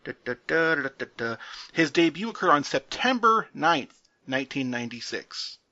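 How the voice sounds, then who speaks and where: Bright-voiced man recapping with jokes. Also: fairly high pitch, sing-song, normal speed, muffled recording. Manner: jokey play-by-play recapping, laughs often. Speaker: podcast co-host. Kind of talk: casual wrestling recap chat.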